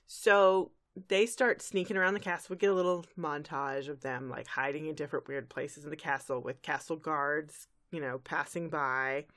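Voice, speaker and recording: A woman co-hosts a podcast and retells an episode in a chatty, animated way. Her voice sits a little low. She slips into quick acted quotes and keeps it casual. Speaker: podcast co-host.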